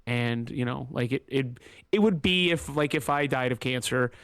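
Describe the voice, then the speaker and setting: A man's voice: medium pitch, moderate pace, creaky, fairly bright tone, clean tone, dry recording. A man hosting a podcast, telling a personal story in a candid, emotional, rambling way with many fillers, close to tears. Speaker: podcast host.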